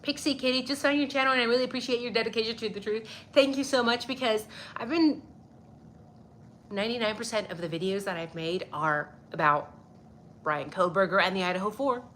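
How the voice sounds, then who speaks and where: A woman's voice: on the high side, a little fast, fairly bright tone, slight background noise. A young woman hosting a casual livestream, greeting viewers by name and swearing freely, a little stuffy-nosed. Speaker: livestream host. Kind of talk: casual livestream chat reading viewer comments.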